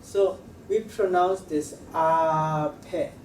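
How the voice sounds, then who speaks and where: A man teaching a language lesson, talking haltingly and repeating sounds to demonstrate them. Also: on the high side, expressive, darkish tone. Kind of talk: classroom lecture at a board. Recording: roomy, slightly distant mic with faint room noise.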